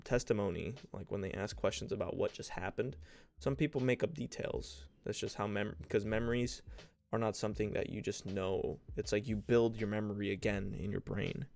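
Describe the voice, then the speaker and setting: A man's voice: lowish voice, gravelly, darkish tone, no echo. A young man hosting his own podcast, chatting casually and rambling through stories with frequent laughs and self-deprecating asides. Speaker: podcast host and streamer. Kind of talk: casual solo podcast chat.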